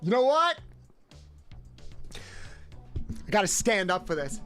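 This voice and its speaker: A woman streaming from home, chatting casually with her audience and breaking into loud, mock-outraged yelling. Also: mid-range voice, big pitch swings, slow, long pauses, faint music behind. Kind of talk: casual live-stream chat with chat.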